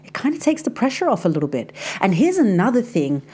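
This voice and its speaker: A woman's voice: on the high side, sing-song, quick pace, a little mellow, husky. A woman hosting a casual faith podcast, chatty and confiding, talking straight to the listener like a friend. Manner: chatty and confiding, addresses listener as sis, frequent "like". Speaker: podcast host and life coach.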